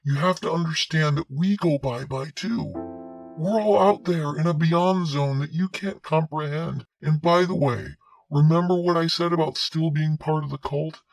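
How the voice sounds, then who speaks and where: An actor playing a male cult leader on a talk show, who rambles in a calm, self-assured and surreal way. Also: on the high side, normal speed, creaky, no room sound, soft background music. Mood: serene, rambling.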